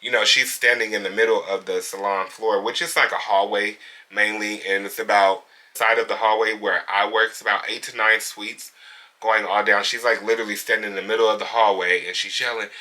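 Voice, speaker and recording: In a casual vlog, a man who styles hair and owns a salon recounts a bad client encounter in a candid, conversational, indignant way. He speaks at a moderate pace with a lowish voice, fairly even intonation, and a sharp tone.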